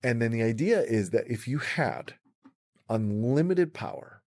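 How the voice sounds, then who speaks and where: A male podcast host talks in a lively, swooping voice. He explains things casually and slips into playful theatrical flourishes. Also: medium pitch, measured pace, no room sound, studio quality. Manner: animated, theatrical, breaks into grand mock voices.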